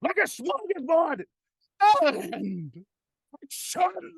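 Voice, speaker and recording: Guy putting on a melodramatic director, gravelly voice, pitch jumping all over the place. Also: sing-song, drawn-out words, dry recording, clean studio sound, heavily acted. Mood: pompous, frantic. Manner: melodramatic, swings from grand to panicked. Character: pompous, erratic male theatrical film director.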